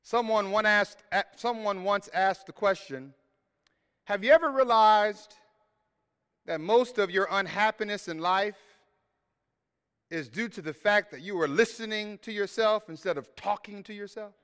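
A man preaching a sermon as pastor, swelling into shouted scripture lines and then dropping to quiet asides. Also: high-pitched, unhurried, clear, resonant tone. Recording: long hall reverb.

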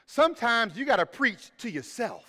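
High-voiced preacher in a reverberant hall. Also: male voice, very animated, moderate pace. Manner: preaches with big swells, shouting scripture lines then dropping to quiet asides. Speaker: pastor. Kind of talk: sermon.

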